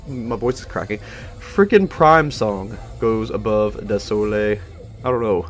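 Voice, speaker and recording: A young man casually rambling and reacting to songs as a host, excitable and self-mocking. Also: lowish voice, measured pace. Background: faint song music playing.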